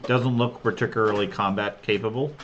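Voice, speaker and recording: A man running a tabletop game as game master, talking casually and pausing often with fillers. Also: lowish voice, steady tone, fairly bright tone. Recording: dull lo-fi with faint hiss.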